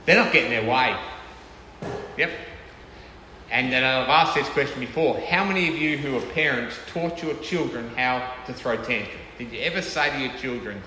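Male preacher, bright clear voice, chatty delivery that keeps checking in with the congregation, echoey hall with long reverb. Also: mid-range voice, expressive, moderate pace, a little hiss or hum. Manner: conversational, checks in with the audience often. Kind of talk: sermon. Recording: echoey hall with faint ambience.

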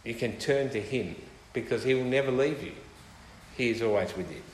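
A man's voice: medium pitch, moderate pace, a bit bright. A man preaching a sermon with emphasis, often putting rhetorical questions to his listeners. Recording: echoey hall with long reverb.

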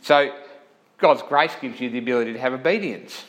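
A man's voice: mid-range voice, a little fast, a bit bright, low-quality recording. A male pastor giving a conversational sermon, often checking in with listeners and correcting himself as he thinks aloud.

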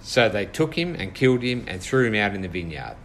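Low-voiced man leading a Bible study. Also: big pitch swings, a little fast, a bit bright, a little hiss or hum, low-quality recording. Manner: thoughtful, hesitant with fillers and restarts. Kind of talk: informal Bible study teaching.

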